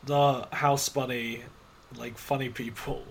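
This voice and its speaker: A man co-hosting a casual chat, hesitant and slow to get his words out. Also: mid-range voice, little pitch movement. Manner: slow, hesitant, often restarts sentences. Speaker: podcast co-host.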